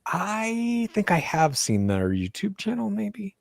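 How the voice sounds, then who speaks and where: A blunt man co-hosting a podcast, chatting casually and reading out listener comments, swearing freely as he goes. His voice sits at a middle pitch and sounds dry and close, with no room around it. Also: wildly swooping pitch, takes it slowly, gravelly, no echo. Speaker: podcast co-host.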